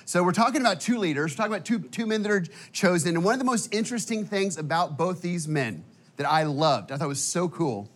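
A man preaching a sermon in a church, energetic and casual, with many fillers and restarts, sometimes emotional. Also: high-pitched, fast. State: emotional at times. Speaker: guest preacher. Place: church auditorium.

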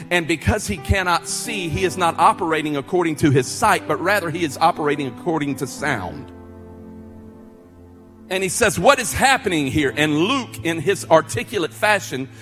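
A man preaching a sermon as pastor, building to loud, ringing emphasis. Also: on the high side, lively intonation, moderate pace. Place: church sanctuary. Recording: long hall reverb with faint music.

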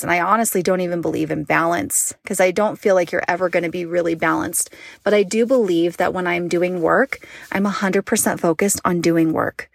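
A woman's voice: lowish voice, gravelly, no echo. Chatty woman in her thirties, dry sound. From Utah, United States. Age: 30s. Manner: chatty, emotional, asks the viewer questions. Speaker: mom vlogger and online business owner. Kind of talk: personal vlog monologue.

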